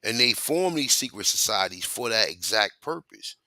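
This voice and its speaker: A man chats casually as a podcast host, spinning loose, slangy stories with plenty of cussing. His voice is strikingly bright and forward, pitched a bit low. The recording is close and dry. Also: normal speed, no echo. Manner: animated, slangy, profane storytelling. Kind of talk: casual chat.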